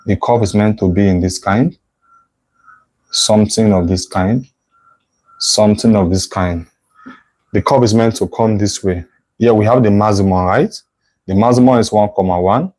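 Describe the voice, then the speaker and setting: A man's voice: on the low side, moderate pace, pauses often, darkish tone, low-quality recording. A male math tutor teaching a live online lesson, thinking aloud as he sketches a curve, correcting himself and checking in with "right?".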